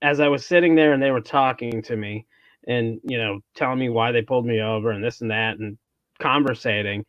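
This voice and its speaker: In a mid-range, a bit bright voice, a male podcast host chats casually and tells a rambling story at a slightly fast pace, often restarting sentences and putting on a mock Minnesota accent for quotes. The audio is dull with no echo.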